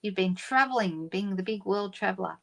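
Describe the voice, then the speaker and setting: A middle-aged woman hosts a live stream in a relaxed, chatty way. She greets viewers one by one and talks through her plans with easy fillers. Her voice sits at an ordinary middle pitch. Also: normal speed, vocal fry. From Australia. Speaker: papercraft demonstrator hosting a live stream. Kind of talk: casual live-stream chat.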